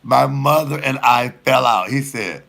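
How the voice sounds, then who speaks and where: This man's creaky, mid-range voice moves unhurriedly as he tells his viewers salty stories in a relaxed, animated way. He's a comedian with laughter in his tone, talking to them head-on.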